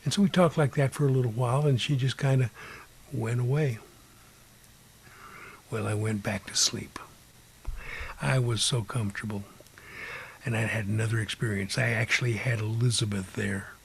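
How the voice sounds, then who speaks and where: A man telling his own ghost story in an unhurried way, sometimes dropping to a whisper and imitating beeping sounds. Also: mid-range voice, fairly even intonation, gravelly, slight background noise. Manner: drops to a hushed whisper at times. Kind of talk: personal ghost story told aloud.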